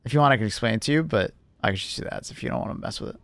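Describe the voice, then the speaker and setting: With a medium-pitched, creaky, slightly bright voice, this young live-streamer rambles casually to his audience. Fillers come thick and fast, and he laughs quickly and often.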